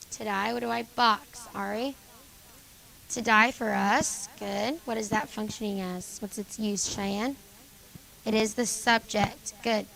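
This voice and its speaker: A woman teacher going over grammar exercises with a junior high class, calling on students by name and confirming their answers. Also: vocal fry, fairly bright tone, rough recording. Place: school classroom.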